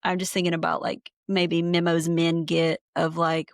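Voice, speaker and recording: A woman's voice: lowish voice, little pitch movement, moderate pace, no room sound, clean studio sound. A woman hosting a casual podcast chat, thinking aloud with lots of fillers and enthusiasm. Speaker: podcast host, therapist. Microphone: remote call.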